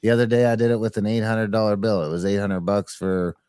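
Deep-voiced man swearing casually. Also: quick pace, smooth, no echo. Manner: profane, rambling, relaxed storytelling. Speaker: podcast co-host. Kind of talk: casual chat.

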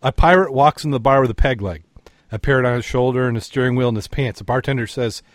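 A man of middle pitch hosts a relaxed podcast chat. He talks in halting starts, doubling back on his words as he sets up corny jokes. The sound is dry and close. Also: dry recording. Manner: halting, repeats his words, tells groan-worthy jokes. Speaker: podcast host. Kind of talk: casual chat.

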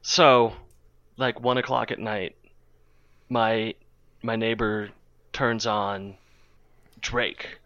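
Bright-voiced rambling man on a podcast. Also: lowish voice, flat delivery, drawn-out words, pauses often, no room sound, lo-fi sound. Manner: rambling, self-interrupting anecdote teller. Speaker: podcast co-host. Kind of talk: casual storytelling chat.

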